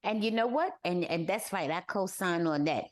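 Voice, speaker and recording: An older woman co-hosting a casual podcast chat, talking in an animated way and mimicking people with exaggerated high wails. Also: normal speed. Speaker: podcast co-host.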